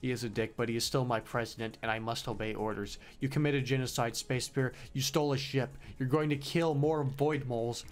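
A man voicing a dutiful, grim bear ship commander from a video game, reading the dialogue in a flat, serious tone. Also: medium pitch, brisk, few pauses, lightly acted. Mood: stern.

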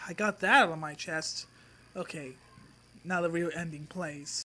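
A man ranting in a mocking response video, sneering and insulting with drawn-out pauses. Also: a little high, bright, forceful tone. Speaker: YouTube commentator.

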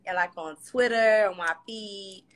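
A woman's voice: mid-range voice, measured pace. A young woman, a reality show guest talking candidly and loosely in a casual livestream interview over a phone. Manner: candid, loose, animated with slang. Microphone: phone on a live video call.

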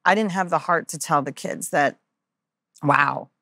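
Her voice sits low, pushed and bright, and she takes her time as she shares a personal story on a podcast as a guest. She's candid and earnest, full of ums and uhs, and voices the dialogue of the people she quotes, all in clean, echo-free studio audio.

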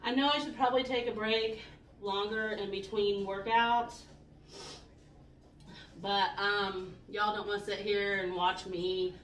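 A woman's voice: mid-range voice, steady tone, measured pace, a bit bright, a little hiss or hum. A woman in a casual home workout vlog, counting her reps aloud and chatting frankly while a little out of breath. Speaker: vlogger doing a home workout. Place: room at home. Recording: echoey room, voice from a distance.

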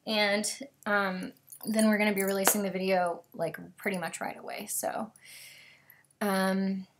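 A woman's voice: medium pitch, flat delivery, a little slow, noisy background. A bubbly young woman hosting a casual live stream from home, gushing and talking straight to her viewers over a webcam.

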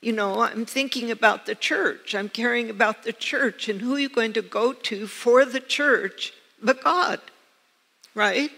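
Woman preaching slowly in an echoey church hall. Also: on the high side, vocal fry, breathy edge. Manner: earnest storytelling with soft laughs. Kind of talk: sermon.

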